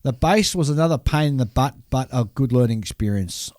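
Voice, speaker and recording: Aussie bloke chatting on a hobby podcast, rambly, lots of ums, dry close mic. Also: male voice, medium pitch, lively intonation, brisk, darkish tone, dry recording. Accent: Australian. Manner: rambling with fillers and laughs. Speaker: podcast co-host reading listener mail. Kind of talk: casual chat.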